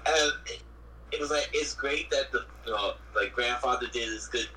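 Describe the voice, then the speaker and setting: A man's voice: medium pitch, normal speed, bright, forceful tone, a little hiss or hum, poor audio. A man co-hosting a podcast, bantering and teasing in casual chat. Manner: joking banter, playful teasing. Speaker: podcast co-host.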